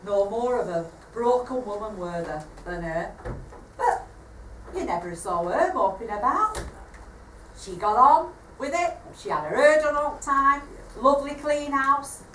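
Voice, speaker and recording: Woman acting bossy aunt, blunt scolding tone, highish voice, distant echoey theatre stage. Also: a bit bright. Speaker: amateur stage actor. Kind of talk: live stage drama. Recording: echoey theatre stage from far off, faint noise.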